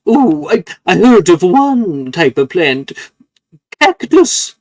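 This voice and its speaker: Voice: mid-range voice, very animated, slow, a little mellow, no room sound, exaggerated voice. A game master voicing a prim, formal talking plant that speaks stiffly and a little condescendingly. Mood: haughty. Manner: stiff and proper, a touch condescending.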